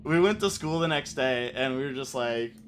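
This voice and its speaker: A man's voice: medium pitch, expressive, normal speed, a bit bright, slight background noise. A man streaming a game, chatting loosely with plenty of swearing as he reacts to what he reads on screen. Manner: loose, profane, reacts aloud while reading. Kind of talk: let's play gaming commentary.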